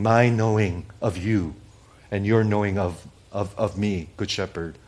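Impassioned preacher man, lowish voice. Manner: dramatic swings from loud exclamations to hushed near-whispers; repetitive, emphatic, calls for amen. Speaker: pastor. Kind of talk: sermon.

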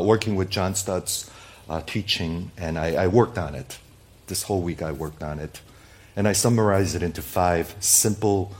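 A male pastor preaching a sermon, stacking up rhetorical questions and speaking straight to his listeners, rising to loud emphatic peaks and then dropping to quiet, low endings. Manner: addresses listeners directly as "people".

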